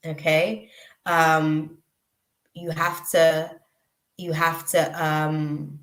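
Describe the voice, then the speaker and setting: A woman gives a live tarot reading in a low-pitched, unhurried voice. She pauses often, restarting her sentences as she feels her way to the message. Her voice carries the echo of a roomy space. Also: little pitch movement. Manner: slow, reflective, with frequent ums and restarts. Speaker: tarot reader.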